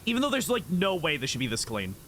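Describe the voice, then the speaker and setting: A man chatting casually on a live game stream, rambling and giggly, easily excited and full of filler words. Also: fairly high pitch, fast talker, a little hiss or hum. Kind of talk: casual live-stream chat while gaming.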